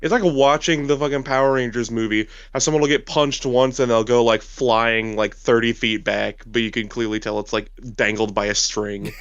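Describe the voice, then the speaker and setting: A man's voice: medium pitch, steady tone, normal speed, few pauses, fairly bright tone, clean tone, no room sound, muffled recording. Swearing man riffing in casual chat. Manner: swears a lot, riffs on jokes. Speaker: reaction video co-host.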